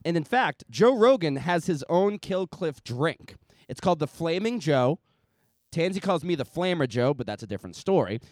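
A man's voice: on the high side, very animated, moderate pace, dry recording, studio quality. A man hosting a podcast, reading a sponsor ad in a hyped, joking, profane way. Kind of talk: loud casual ad read.

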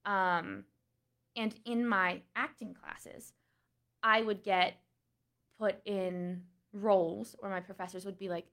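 Young female actor as guest, high pingy voice, easy agreeable casual talk. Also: steady tone, fairly bright tone. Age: young adult. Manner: agreeable, quick to agree and laugh. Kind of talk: casual chat.

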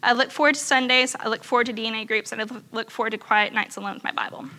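A woman's voice: fairly high pitch, steady tone, very fast, sharp tone. A woman earnestly reading aloud a written faith testimony to a church group. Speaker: church member sharing testimony.

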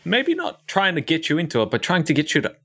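A man's voice: on the high side, huge pitch swings, quick pace, pushed and bright, husky. A man chatting casually as a podcast guest, playful and enthusiastic.

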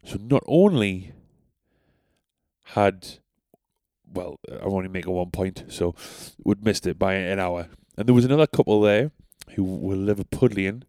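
A man's voice: deep voice, unhurried, dark tone, dry recording. Sweary, rambling man. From North East England. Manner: rambling, sweary, self-deprecating. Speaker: podcaster. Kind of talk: casual storytelling.

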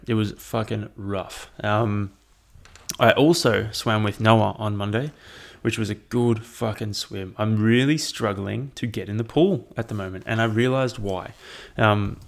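A young man with a low, gravelly voice talks through his week of workouts in a loose, rambling way. He swears freely and keeps it casual, speaking into his own mic. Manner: relaxed, rambling, swears often. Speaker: triathlete sharing training update. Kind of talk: casual chat. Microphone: own microphone.

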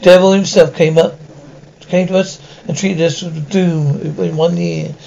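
A man's voice: a little high, big pitch swings, a little slow, vocal fry, mellow, dull audio, slight background noise, exaggerated voice. A man reading as a pompous preaching archbishop. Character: pompous self-righteous male archbishop, middle-aged.

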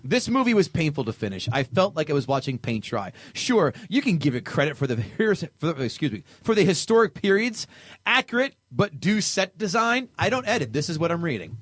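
A man's voice: fairly high pitch, very animated, fairly quick, fairly bright tone, no room sound, studio quality. A man co-hosting a comedy film podcast, reading reviews aloud with mock dramatic emphasis.

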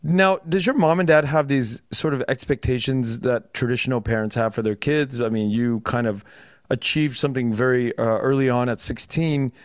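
A man hosts a casual interview over a video call. His voice is mid-pitched and sounds dry and close, with no room around it. He asks curious questions and often repeats a word or two as he begins. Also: moderate pace, dry recording. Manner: curious, conversational, repeats words as he starts. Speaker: podcast host.

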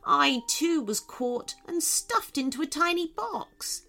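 A woman voicing a gentle, earnest little male lizard in a children's storybook reading, speaking softly. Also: sits high, lively intonation, takes it slowly, voice pushed up, full character voice.

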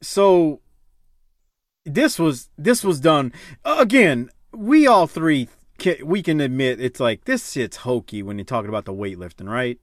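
A man hosting a casual podcast chat, animated and joking, laughing and swearing with his co-hosts. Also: fairly high pitch, measured pace, no echo, studio quality. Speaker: podcast host.

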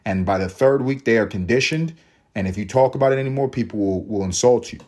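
A man from a Puerto Rican family, hosting a solo podcast and riffing in a profane, rambling way, laughing at his own jokes. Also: fast talker. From Puerto Rican family, raised in US projects. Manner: jumps to high excited pitch for emphasis. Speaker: podcast host. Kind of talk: solo comedic monologue.

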